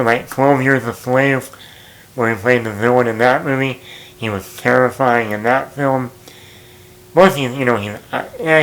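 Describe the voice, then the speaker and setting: A man's voice: mid-range voice, a bit bright, rough recording. Rambling casual male movie vlogger. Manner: rambling, self-correcting, chuckles at own jokes.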